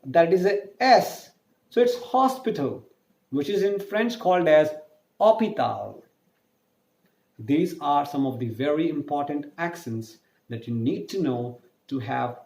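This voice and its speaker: A man's voice: on the high side, darkish tone. A man teaching a French lesson online, explaining patiently and spelling out letters. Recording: echoey room.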